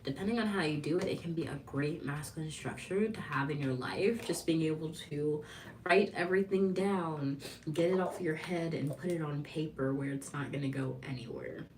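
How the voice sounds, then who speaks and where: A woman chatting casually on a livestream vlog, animated, laughing often, and acting out quoted lines. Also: sits low, normal speed, far from the mic. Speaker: lifestyle vlogger.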